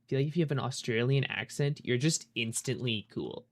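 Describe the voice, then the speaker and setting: A young male streamer talks casually with his chat while he plays, dropping swear words as he goes. His voice sits at an ordinary middle pitch for a man, and his manner is relaxed and off the cuff. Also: brisk, vocal fry. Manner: loose, swearing, chatting with viewers.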